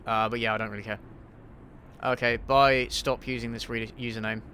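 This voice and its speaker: Hosting a casual livestream Q&A while playing a game, a man answers viewer questions for his YouTube channel bluntly and with plenty of swearing, frequent ums, and restarts. His mid-range voice is flat and sharp at a normal speed, with slight background noise.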